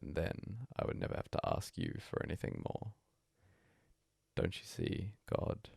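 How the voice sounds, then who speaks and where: A man reading a bedtime story aloud as a hushed, breathy first-person monologue. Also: deep voice, wildly swooping pitch, measured pace, dry recording, clean studio sound. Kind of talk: soft-spoken story reading.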